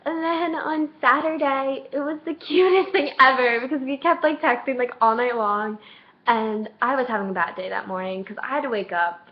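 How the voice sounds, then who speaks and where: A woman's voice: fairly high pitch, muffled recording. A teenage girl vlogging casually, gushing through a story, acting out the dialogue and saying "like" constantly. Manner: gushing, lots of "like", acts out dialogue.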